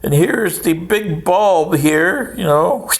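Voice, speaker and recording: A man's voice: sits high, animated, slow. A man, older, giving a rambling history monologue with sarcastic, mocking asides.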